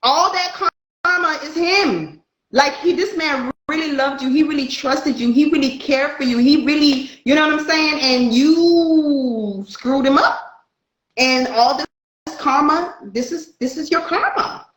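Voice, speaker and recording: A woman's voice: high voice, normal speed, reverberant, rough recording. A woman, a spiritual light worker, telling a story in casual chat and acting out the dialogue. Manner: animated, acts out dialogue in her story.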